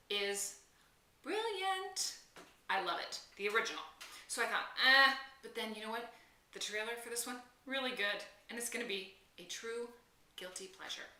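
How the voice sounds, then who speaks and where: A woman hosting her own film vlog, gushing in an animated, chatty way to the camera. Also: on the high side, reverberant, far from the mic, a little hiss or hum. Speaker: film vlogger host. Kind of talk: excited casual film chat to camera.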